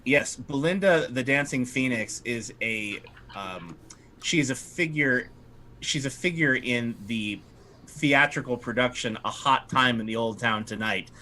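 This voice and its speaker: Bright-voiced man running a game. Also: medium pitch, a little slow. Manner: loose, rambling, many fillers. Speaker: game master. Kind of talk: narrating a tabletop game.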